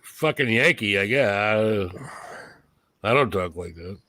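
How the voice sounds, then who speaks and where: A man's voice: fairly low pitch, expressive, slow pace, pushed and bright, dry recording. A man from New England with a light New England accent, hosting a live stream and bantering with jokes and swearing. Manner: joking, profane banter. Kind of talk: casual chat.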